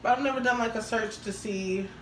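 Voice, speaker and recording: A woman whose voice runs on the high side, speaking a little quickly, co-hosts a laid-back podcast. Her storytelling is candid and crude, broken up by frequent laughter. The audio is roomy, with a distant mic and a faint hiss.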